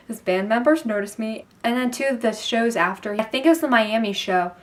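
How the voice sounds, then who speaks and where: Excited young woman telling a story. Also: fairly high pitch, a little fast, hardly any pauses. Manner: excited and gushing, lots of 'like'. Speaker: vlogger. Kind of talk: casual storytelling to camera.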